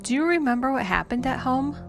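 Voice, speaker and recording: A woman voicing a kind female doctor who speaks softly and soothingly, calling her patient dear and honey, in a story read over music. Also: high-pitched, animated, brisk, creaky, pitched above the performer's own voice. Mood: gently reassuring. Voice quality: soft, gentle. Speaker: hospital doctor. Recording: music playing underneath.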